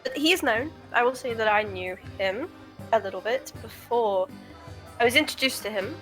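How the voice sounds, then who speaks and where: A woman playing a tabletop game, speaking in character in a measured, wry way. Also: fairly high pitch, expressive, a bit bright, faint music behind, poor audio. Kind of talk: casual in-character play.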